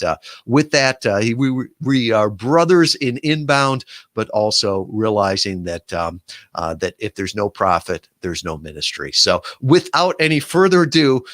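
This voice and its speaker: A man's voice: lowish voice, a bit bright, dry recording. A man hosting an interview podcast, chatty and rambling, with many fillers and restarts. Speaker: podcast host.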